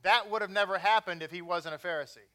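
Texan male preacher, high bright voice, casual sermon with wisecracks. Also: quick pace. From Texas. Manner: conversational, joking asides.

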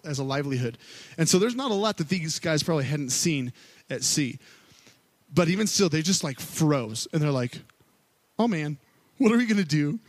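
Male worship pastor, higher register, relaxed conversational sermon delivery, dry close sound. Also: dry recording. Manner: casual and storytelling, with many fillers, acting out quotes.

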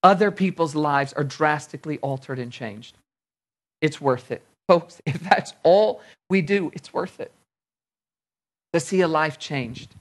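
A man preaching a sermon in a fairly high voice. He tells stories conversationally and voices the people in them as he goes. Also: unhurried. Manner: storytelling, conversational preaching with acted-out dialogue. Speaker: pastor.

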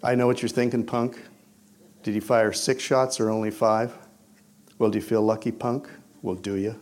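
A preacher putting on a hard-edged middle-aged cop, cool and menacing. The voice drops low into a slow, threatening drawl. Each word lands flat and deliberate. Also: male voice, close to an everyday voice.

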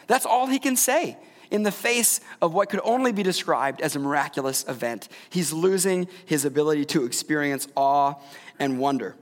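A man's voice: high voice, animated, moderate pace. A man in his thirties preaching a sermon in a conversational way, often asking the congregation questions. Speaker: pastor. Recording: long reverb of a large hall.

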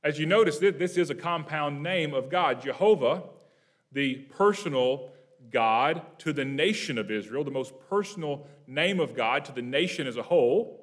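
A man's voice: on the high side, lively intonation. Conversational male preacher teaching a psalm. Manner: conversational, asks the congregation questions; reads scripture slowly and emphatically. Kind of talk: evening Bible teaching.

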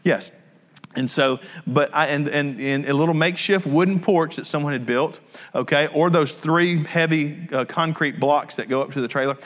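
A man's voice: on the high side, moderate pace, a bit bright. A man preaching a sermon in a conversational storytelling way, often repeating his phrases. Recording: long reverb of a large hall.

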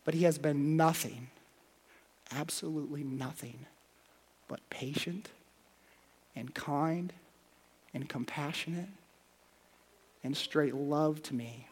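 A man preaching a sermon as pastor, confessional, going from hushed prayer to loud, playful asides. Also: fairly high pitch, vocal fry, slightly rough.

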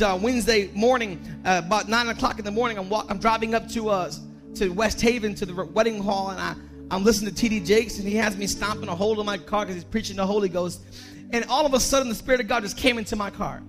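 A man preaching a sermon as pastor, emotional and personal, building to a shouted climax with repeated lines. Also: sits high.

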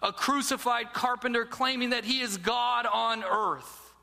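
A man's voice: very high-pitched, measured pace, vocal fry, pushed and bright, big-room sound. A man who is a pastor preaching a sermon, telling a story with dramatic drops to a near-whisper.

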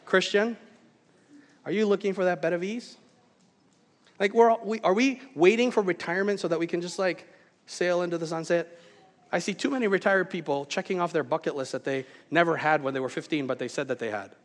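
A man preaching from the pulpit, earnest and pressing, firing question after question at his listeners. His voice sits a little high for a man. Long reverb from the hall trails behind each phrase. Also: brisk. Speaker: pastor. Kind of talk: sermon.

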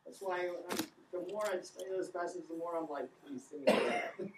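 A woman preaching a sermon in an impassioned style, her voice rising toward shouts. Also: fairly low pitch, brisk, noisy background. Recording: echoey room, picked up from a distance.

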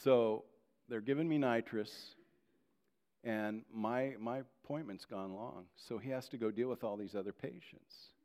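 Male pastor preaching a sermon mixed with personal stories, mid-range voice, animated, swinging from loud to hushed, long hall reverb. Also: mid-range voice, normal speed. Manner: animated, shifts between loud emphasis and quiet asides.

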